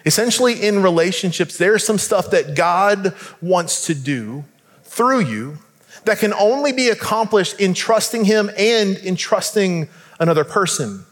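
A man's voice: sits high, animated, unhurried, big-room sound. A man preaching a sermon as pastor, speaking conversationally and asking the congregation direct questions.

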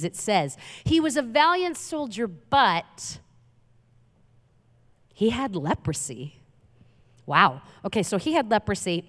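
A woman delivers a sermon in a loose, conversational style, retelling a scripture story with lively asides. Her voice sits at an ordinary middle pitch. The sound carries a long reverb, as if recorded in a large church hall. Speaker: preacher.

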